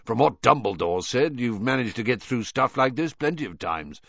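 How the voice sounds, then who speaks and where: A man's voice: mid-range voice, animated, moderate pace, vocal fry, a bit bright, breathy edge, no echo, muffled recording, full character voice. A man voicing a grizzled, wary old male wizard with a growling voice and a curt, clipped manner. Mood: gruff.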